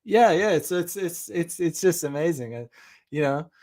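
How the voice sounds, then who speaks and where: A man's voice: a little high, expressive, moderate pace, darkish tone. A young man giving dating advice in a casual, rambling monologue, with many restarts, acting out bits of dialogue.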